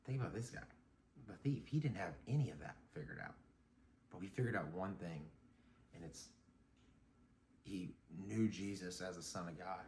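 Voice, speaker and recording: A man's voice: low voice, moderate pace, long pauses, slight background noise. A man talking casually in a vlog, rambling and reflective, with lots of fillers and restarts. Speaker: vlogger. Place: outdoors on a morning run.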